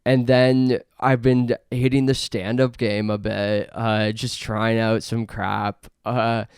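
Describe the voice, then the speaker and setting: Young male podcast host from Canada, unhurried gravelly delivery, deadpan absurd riffs, dry close mic. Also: lowish voice, no echo. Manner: absurd deadpan bits, frequent fillers. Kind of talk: rambling comedic monologue.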